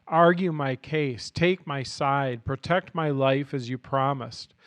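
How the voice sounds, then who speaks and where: A man hosting a Bible reading podcast, reading scripture aloud in an earnest, unhurried way while his throat is scratchy and his voice is starting to go. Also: medium pitch, a bit bright, dry recording. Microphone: studio mic.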